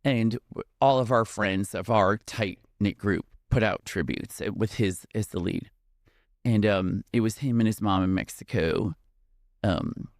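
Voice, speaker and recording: A man's voice: fairly low pitch, no echo. Man, podcast guest, tearful, heartfelt storytelling, dry close sound. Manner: tearful, heartfelt, with many fillers. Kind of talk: emotional conversational storytelling.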